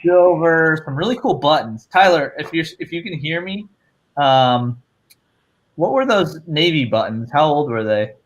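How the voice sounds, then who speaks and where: A man's voice: a little high, lively intonation, unhurried, highs cut off. A man hosting a live stream, upbeat, laughing often and reading viewer chat aloud. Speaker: host.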